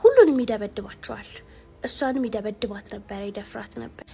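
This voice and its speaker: A woman tells a scary personal story at a very rapid pace. Her voice is gravelly and sits fairly high. She slips English words into her speech. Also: very animated, mellow, faint music behind.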